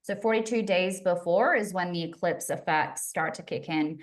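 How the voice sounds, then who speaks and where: A woman's voice: on the low side, moderate pace. A woman astrologer in a casual chat, thinking aloud with fillers and self-corrections. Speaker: astrologer guest.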